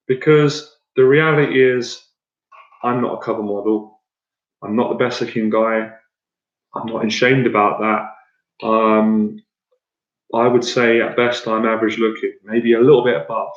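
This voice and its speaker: This dating coach speaks at a normal speed with a medium pitch and fairly even intonation. His motivational address wanders bluntly, with frequent repeats and restarts. It was captured in an echoey room with dull, lo-fi audio.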